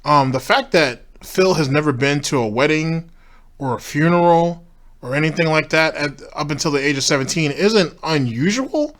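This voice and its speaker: A man's voice: on the high side, lively intonation, moderate pace, fairly bright tone. A man commenting on a clip in a blunt, dismissive way, with casual swearing and a skeptical tone.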